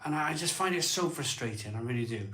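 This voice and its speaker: A man's voice: mid-range voice, lively intonation, quick pace, sharp tone, roomy sound. A man hosting a casual live stream, chatting in a rambling way. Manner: chatty, rambling, frustrated sighs. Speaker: live show host.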